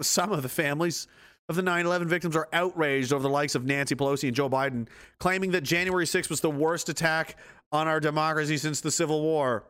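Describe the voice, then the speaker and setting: A man's voice: a little high, fairly bright tone. A man giving angry, profane, sarcastic political commentary.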